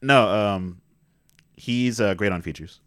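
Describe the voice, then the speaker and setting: A man co-hosting a casual movie review chat, laid-back and joking, often pausing on fillers. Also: fairly low pitch, clean tone, dry recording, studio quality. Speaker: podcast co-host.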